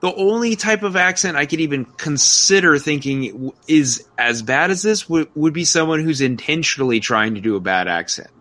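A man in casual film review chat, animated and incredulous, rambling with many restarts. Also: on the high side, normal speed, hardly any pauses. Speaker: podcast co-host.

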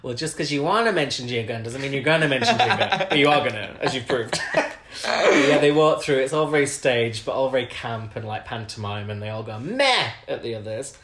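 A man co-hosting a casual podcast conversation, teasing his friend and breaking into laughs. His voice sits at an ordinary pitch. It carries a roomy echo. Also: expressive, a little fast, a bit bright. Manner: chatty, teasing, laughs often. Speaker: podcast co-host. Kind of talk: casual chat.

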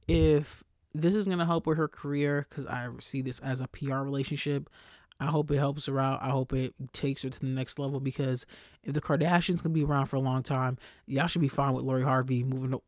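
A young adult podcast host in a casual solo monologue, blunt and slangy with lots of swearing, whose voice climbs high and loud when worked up. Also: no room sound, studio quality.

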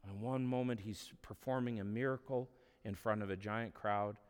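A man's voice: fairly low pitch, steady tone, normal speed, clear, resonant tone, long reverb tail. A man preaching a sermon in a conversational, humorous storytelling way. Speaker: pastor.

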